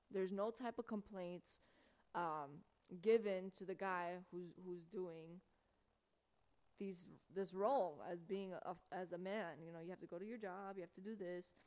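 A young American woman hosts a radio show in a loose, chatty monologue. She rambles as she talks, with filler words scattered all through it. Her pitch sits right in the middle of the range. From United States. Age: young adult. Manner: chatty, rambling, lots of "like" and "you know".

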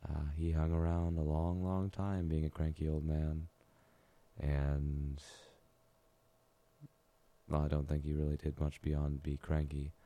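A man with a very deep, dark voice tells a story in a dry, wry way. His pitch stays flat as he wraps up a radio segment. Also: unhurried. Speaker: radio host signing off.

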